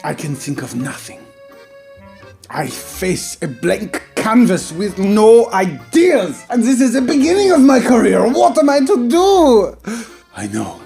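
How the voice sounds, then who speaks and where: A man's voice: high-pitched, sing-song, measured pace, vocal fry, dark tone, faint music behind, voice pushed up, heavily acted. A man putting on a grandiose French painter. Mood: lofty. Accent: put-on exaggerated French. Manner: lofty, dramatic pronouncements with a few French words. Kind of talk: narrated game let's-play.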